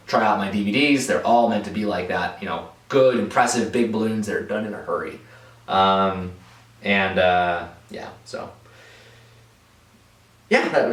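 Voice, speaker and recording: A man answering viewer questions as a balloon artist in a casual vlog. He rambles in a relaxed way, with many fillers and restarts. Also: on the low side. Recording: echoey room, voice from a distance.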